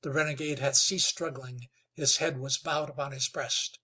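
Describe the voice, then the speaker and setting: A man reading a western novel aloud in a measured, steady way. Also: mid-range voice, husky. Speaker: audiobook narrator. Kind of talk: scripted narration.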